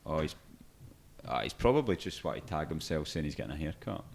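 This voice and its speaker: A man's voice: rumbling low, big pitch swings, fairly quick, gravelly, a little mellow. A Scottish man co-hosting a podcast, chatting casually and acting out the voices in his anecdotes. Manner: storytelling, acts out voices with laughter. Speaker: podcast co-host. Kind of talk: casual chat.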